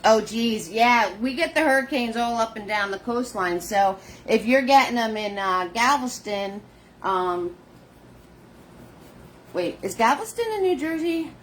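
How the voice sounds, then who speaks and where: A woman's voice: fairly high pitch, expressive, measured pace, fairly bright tone, slight background noise. Chatty woman teaching painting. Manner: chatty, greets viewers by name, sing-song hellos. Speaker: painting instructor. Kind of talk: live-streamed painting lesson.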